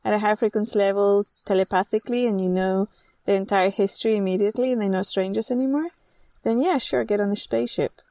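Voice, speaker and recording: A woman's voice: medium pitch, fast, dry recording. A woman from Chile, telling a childhood story in casual chat and acting out the people in it. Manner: animated storyteller acting out quoted voices. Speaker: host.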